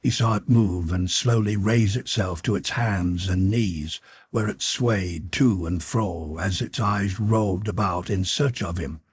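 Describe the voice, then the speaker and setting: A man narrating an audiobook with measured, dramatic storytelling. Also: sits low, husky, dry recording, studio quality.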